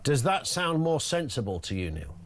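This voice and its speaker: A man hosting a radio phone-in, chatty and affable, dropping in quick interjections as he talks with callers. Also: mid-range voice, big pitch swings, a little hiss or hum. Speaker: radio talk show host.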